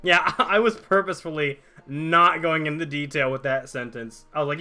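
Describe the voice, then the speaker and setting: A man's voice: on the high side, normal speed, sharp tone, faint music behind. A young man streaming a game, chatting casually and jokingly with his viewers while reading their chat aloud.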